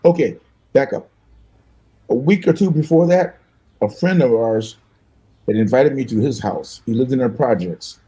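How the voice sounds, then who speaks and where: An older man, a guest musician, telling animated, fast-paced stories in an interview and acting out the voices of the people in them. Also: medium pitch, rough recording. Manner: fast-talking, acts out voices in his stories, laughs often.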